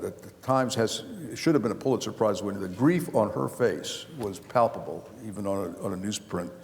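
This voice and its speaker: An older man spins loose, rambling anecdotes, stopping and restarting his sentences as he goes. His voice sits low, with a gravelly rasp at its base. The sound rings with the long reverb of a big hall. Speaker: author and former county official. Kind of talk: storytelling at a live book talk. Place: lecture hall before a live audience.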